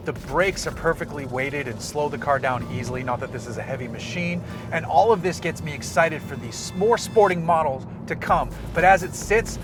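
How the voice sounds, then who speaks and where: A man presenting a car review in an upbeat, enthusiastic and conversational way. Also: a little high. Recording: voice with background music.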